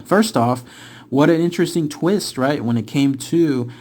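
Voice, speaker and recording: A man reading an occult investigation book aloud with dramatic storytelling, rising for tense moments and slowing for reveals, then talking it over casually as host. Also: on the high side, darkish tone. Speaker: book reader and channel host.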